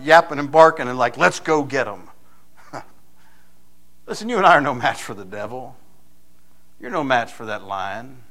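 A man preaching a sermon in a folksy storytelling manner, building to loud, emphatic points. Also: fairly high pitch. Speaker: pastor.

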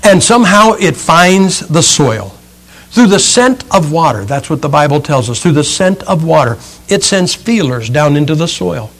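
A middle-aged man delivers a sermon with a notably high voice. He tells stories with folksy humor and lively, animated delivery. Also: moderate pace. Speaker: preacher.

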